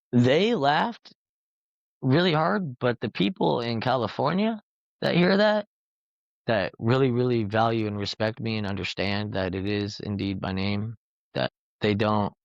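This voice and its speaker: A man's voice: medium pitch, vocal fry, no echo. A man telling rambling, profane anecdotes in a casual podcast chat. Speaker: podcast host. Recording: dull lo-fi recording.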